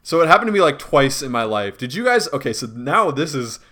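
A man's voice: medium pitch, big pitch swings, a little fast, sharp tone. A man co-hosting a podcast in loose, casual chat. He laughs often between phrases and swears freely. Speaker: podcast co-host.

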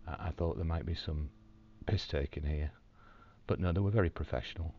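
Deep-voiced man, wry diary. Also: fairly quick, lo-fi sound, a little hiss or hum. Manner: calm, wry storytelling with dry humour. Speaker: video diarist in hospital recovery. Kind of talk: personal video diary. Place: hospital room.

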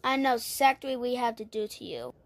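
A woman's voice: on the high side, sing-song, brisk, no room sound. A woman acting out a homemade toy story, playful and full of exclamations and silly character voices.

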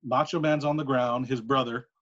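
A man co-hosting a podcast, telling a long story in a casual, animated way with quick asides. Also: mid-range voice. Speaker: podcast co-host. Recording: muffled lo-fi recording.

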